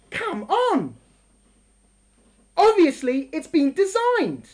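A middle-aged woman teaching a lesson in an emphatic, animated way, full of rhetorical questions. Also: sits high, normal speed. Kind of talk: lively classroom lesson.

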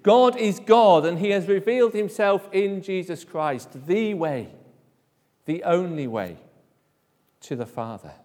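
A man preaches from the pulpit in a fairly high voice. He speaks emphatically and lets his phrases sink to a near hush. His words ring out in a long, echoing church-hall reverb. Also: animated, measured pace. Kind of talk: sermon.

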